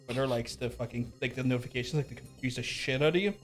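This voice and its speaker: A man's voice: medium pitch, faint music behind. A young man with a Northern Irish accent, co-hosting a talk show and butting in with sweary jokes. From Northern Ireland. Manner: joking, sweary, quick to butt in. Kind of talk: casual banter.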